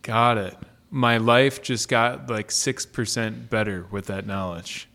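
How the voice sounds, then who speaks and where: A man in casual conversation, asking curious questions and making playful jokes about software. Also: medium pitch, fairly even intonation, takes it slowly, creaky. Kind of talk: casual tech chat.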